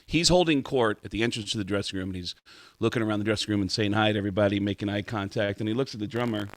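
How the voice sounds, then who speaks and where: A male comedian telling a story as a radio guest, animated and full of quick restarts. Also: on the low side, dry recording. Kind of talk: radio talk show storytelling.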